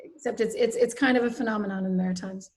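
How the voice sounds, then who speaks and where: A middle-aged woman from Nova Scotia, a writer speaking as a guest, telling a personal story in an earnest, reflective way that often drops into soft asides. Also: medium pitch, steady tone, fast. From Nova Scotia, Canada.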